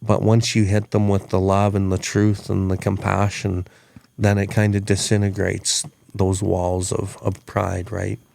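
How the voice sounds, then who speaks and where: A man's voice: low-pitched, completely flat delivery, measured pace, creaky, darkish tone, no room sound. A man hosting a podcast, telling stories in an earnest, reflective way and often restarting his words. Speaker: podcast host. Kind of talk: reflective storytelling chat.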